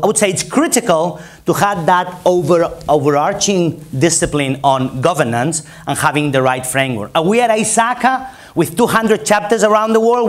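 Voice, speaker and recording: Spanish-accented male keynote speaker, higher voice, emphatic and repetitive. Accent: Spanish, from Barcelona. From Spain. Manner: emphatic, repetitive, rallying the audience. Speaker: conference speaker. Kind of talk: conference keynote presentation. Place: conference hall.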